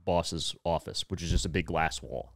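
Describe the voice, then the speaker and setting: A man in his twenties, a comedian co-hosting a podcast, telling a work story in an animated, profane way. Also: sits low, normal speed, no room sound, studio quality.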